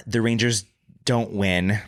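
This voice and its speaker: A speaker casually recapping a story on a podcast, animated and acting out the quotes. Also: medium pitch, takes it slowly.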